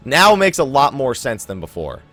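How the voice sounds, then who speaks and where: A young man hosting a let's play, commentating his gameplay in an animated, chuckling, self-mocking way, with faint game music behind him. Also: mid-range voice, moderate pace. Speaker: gaming channel host.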